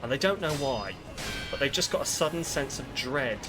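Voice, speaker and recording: A man's voice: medium pitch, animated, moderate pace. A man streaming a video game, chatting and rambling in a self-mocking way with frequent swearing. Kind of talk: casual gaming commentary. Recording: game music clearly behind.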